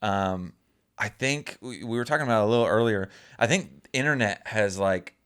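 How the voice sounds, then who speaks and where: A man's voice: lowish voice, moderate pace, a bit bright, smooth. A man co-hosting a casual podcast at home, rambling with lots of "like" and "um". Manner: rambling, hesitant, full of "like" and "um". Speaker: podcast co-host. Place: room at home. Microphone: mic on a stand.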